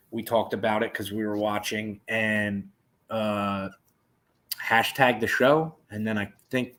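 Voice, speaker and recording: Profane, animated man telling a story. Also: medium pitch. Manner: profane, animated, acts out quoted voices. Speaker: podcast co-host. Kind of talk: casual storytelling chat.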